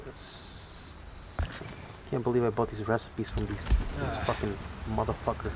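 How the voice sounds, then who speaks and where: A man's voice: on the low side, flat delivery, a little slow, background noise. A man whose first language is Spanish, joking and swearing through a casual let's-play of a horror game. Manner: joking, profane, talks to the game characters. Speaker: gamer playing a horror game.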